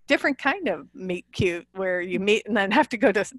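An animated, chatty woman in her forties with a northern Midwestern accent, telling stories with frequent laughter. Her voice is close and dry. Her pitch sits in a middle range. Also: a little fast, no echo. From US Midwest, Illinois. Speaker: romance author guest. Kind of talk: casual interview chat.

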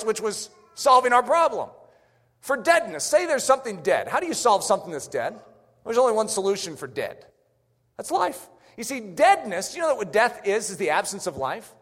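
Animated high-voiced male preacher in a hall. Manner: emphatic, repeating his rhetorical questions. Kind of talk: sermon. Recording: echoey hall reverb.

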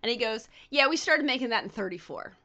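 Podcast host, woman, bright tone, lively and profane storyteller. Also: fairly high pitch, fast talker. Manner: animated, profane, breaks into laughter. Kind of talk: casual storytelling chat.

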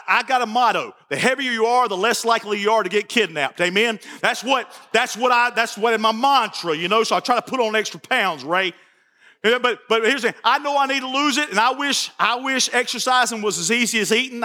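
A man's voice: high-pitched, pushed and bright. A man preaching a folksy sermon, reading scripture and telling stories with repetitions and asides, recorded in a church. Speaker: pastor. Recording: church hall reverb.

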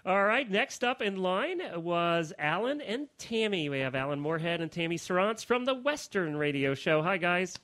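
Guy hosting a chatty podcast, jokey, voice bounces up and down a lot, pitched a bit high. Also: sing-song, normal speed, few pauses, fairly bright tone. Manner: jokey, laughs often. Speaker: podcast host. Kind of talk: casual roundtable chat.

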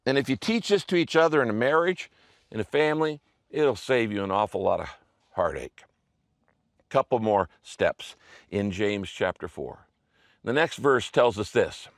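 A man's voice: fairly low pitch, expressive, normal speed, dry recording, studio quality. A male pastor preaching a sermon in a conversational way, often checking in with the listener and acting out inner thoughts.

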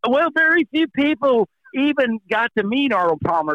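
A man's voice: extremely high pitch, sing-song, normal speed, hardly any pauses, a bit bright, no room sound, muffled recording. A man co-hosting a podcast, coaxing a guest to tell a story while giggling. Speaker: podcast co-host. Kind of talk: podcast interview.

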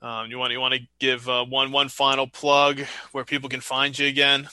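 A man's voice: medium pitch, monotone, normal speed, bright, forceful tone, clean tone, no echo. A man hosting a podcast in casual chat, laid-back and laughing along with his guest. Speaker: podcast host.

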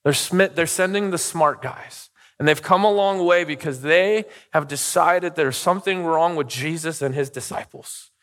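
A man's voice: fairly high pitch, normal speed, a bit bright. A middle-aged man preaching a sermon as pastor, talking casually and telling personal stories, checking in with "okay?" and "right?". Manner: conversational, storytelling, frequent "okay?" and "right?" asides. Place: church sanctuary. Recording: long reverb of a church hall.

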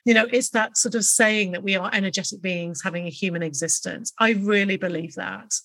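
Earnest, unhurried woman podcast host. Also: medium pitch, fairly bright tone. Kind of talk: solo motivational podcast talk.

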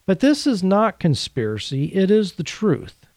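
A man's voice: high voice, sing-song, measured pace, a little mellow, no echo. A man presenting a Catholic teaching series, speaking in an earnest, conversational way with dryly sarcastic asides. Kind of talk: teaching talk to camera.

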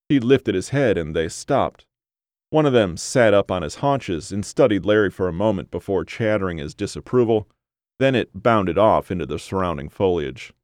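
A male audiobook narrator with a very deep voice, reading in a steady, even storytelling manner. The recording is close and dry, with no room sound. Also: no room sound. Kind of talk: scripted narration.

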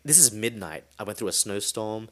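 Brief: podcast host, man, lowish voice, casual storyteller who swears freely. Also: lively intonation, moderate pace, a bit bright.

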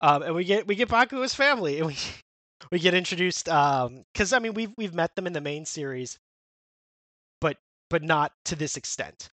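A man with a fairly high voice talks through a comic in a loose, rambling podcast chat, full of fillers and restarts. The recording is close and dry, with no room sound. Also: lively intonation, pushed and bright, no echo. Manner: rambling, many fillers and restarts, quick quoted character lines. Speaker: podcast co-host. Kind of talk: casual chat recapping a manga.

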